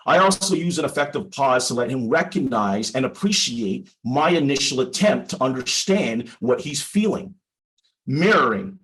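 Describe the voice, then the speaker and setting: A man, a personal injury lawyer, giving a prepared presentation to other lawyers in a measured, deliberate way with emphatic pauses and an instructive tone. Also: mid-range voice, lively intonation, a bit bright, low-quality recording. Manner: explanatory, instructive tone. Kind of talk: prepared presentation for a legal audience.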